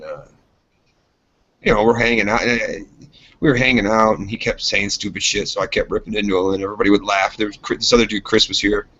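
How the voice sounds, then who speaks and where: A man's voice: lowish voice, fairly bright tone, a little hiss or hum. A man co-hosting a casual podcast, telling a rambling, profane story and mimicking his friends. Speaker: podcast co-host. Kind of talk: casual chat. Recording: dull lo-fi sound.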